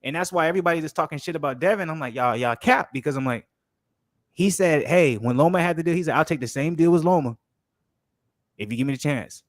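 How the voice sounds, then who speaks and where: A man co-hosting a casual podcast chat, explaining things in a rapid, emphatic way. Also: a little high, dry recording. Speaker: podcast co-host.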